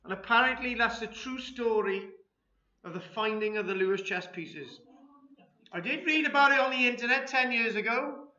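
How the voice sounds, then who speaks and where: A man's voice: very high-pitched, normal speed, pushed and bright. A man giving an informal lecture to an audience, chatty and self-deprecating, wandering into anecdotes. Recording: echoey room, dull lo-fi sound.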